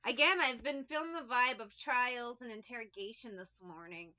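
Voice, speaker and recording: A woman's voice: on the high side, normal speed, hardly any pauses, sharp tone, dull audio, slight background noise. A woman giving a casual tarot reading, rambling, sarcastic and liberal with swearing. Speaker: tarot reader.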